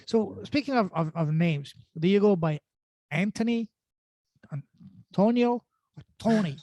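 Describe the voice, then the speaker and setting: Male host, upbeat interviewer, higher-pitched voice, dry close sound. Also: expressive, darkish tone, no room sound. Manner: upbeat, quick affirmations before questions. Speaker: podcast host. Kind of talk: casual interview.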